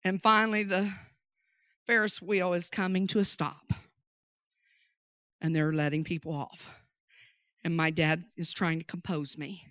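A woman preaching through a lively personal story, with emphatic, animated delivery. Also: on the low side, a little slow, pauses often, dry recording. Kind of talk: storytelling sermon. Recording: dull dry recording.

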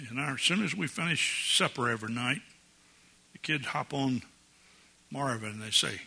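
A man's voice: medium pitch, sing-song, moderate pace, vocal fry, sharp tone, husky. An older man preaching a sermon as pastor in a church, folksy and jovial, chuckling often. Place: church sanctuary.

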